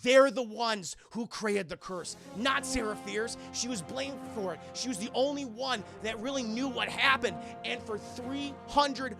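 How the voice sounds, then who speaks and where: A man's voice: very high-pitched, unhurried, vocal fry, few pauses, music in the background, voice pushed up, heavily acted. A man voicing a fierce teenage girl who explains things in an intense, urgent way, swearing as she goes.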